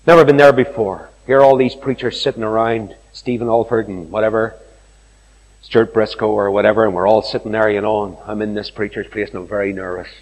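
Animated preacher in a reverberant hall. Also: male voice, on the low side, a little fast. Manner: animated storytelling, acting out quoted voices. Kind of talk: sermon.

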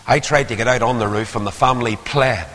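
An older man preaching a sermon, swinging from hushed asides to loud, rising appeals. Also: medium pitch, a little fast, slight background noise. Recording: long hall reverb.

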